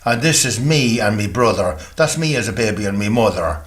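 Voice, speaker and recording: A man's voice: lowish voice, animated, brisk. An older man with a rural Irish accent, a farmer talking casually in a rambling, folksy storytelling way at home. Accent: Irish, rural Meath. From Ireland. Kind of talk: casual documentary talk. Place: farmhouse, indoors.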